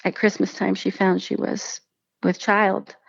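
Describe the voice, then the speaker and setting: Gravelly woman telling her story. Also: mid-range voice, a little slow, no echo, lo-fi sound. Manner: animated storytelling, acts out quoted speech. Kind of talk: casual conversation.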